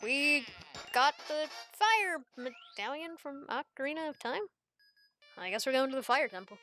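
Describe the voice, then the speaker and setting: A woman's voice: high voice, lively intonation, moderate pace, pushed and bright, soft background music. A woman giving casual, playful gameplay commentary as a let's play host, giggling and making joking asides.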